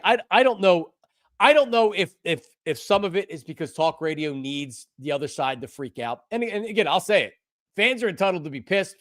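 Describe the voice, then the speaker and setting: Excitable older man, lively pitch. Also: no room sound, clean studio sound. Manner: passionate, emphatic, repeats himself; bursts into shouting. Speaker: sports show host. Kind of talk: live-streamed sports talk.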